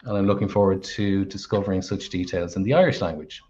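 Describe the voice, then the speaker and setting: A man's voice: low voice, darkish tone. A man hosting a live Q&A, reading viewer questions aloud over a video call. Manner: reads questions aloud at a measured pace. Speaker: host. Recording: dull lo-fi call audio.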